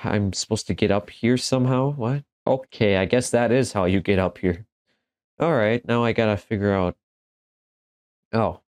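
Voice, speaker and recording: Low-voiced gamer dude cracking jokes and yelling at the game, dry close sound. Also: male voice, moderate pace, no room sound. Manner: jokey, exclaims and talks back to the game. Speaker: gaming commentator. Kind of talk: casual let's-play commentary.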